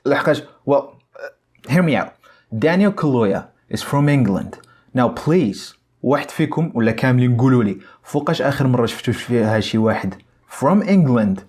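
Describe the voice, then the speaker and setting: A man gives a casual film review, excitable and profane, switching between Arabic and English. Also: medium pitch.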